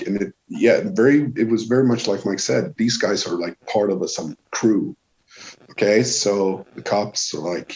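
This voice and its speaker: Low-voiced Swedish man telling a story. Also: normal speed, darkish tone. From Sweden. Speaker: guest musician. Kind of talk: casual storytelling. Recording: dull lo-fi sound.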